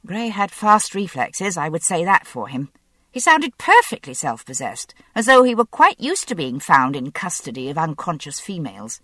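Low-voiced woman narrating a novel. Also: sing-song, moderate pace, fairly bright tone, no room sound. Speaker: audiobook narrator. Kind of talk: first-person novel narration.

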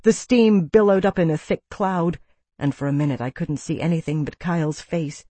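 A woman's voice: low voice, normal speed, mellow, dry recording. A woman reading a first-person audiobook with tense, vivid storytelling. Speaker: narrator.

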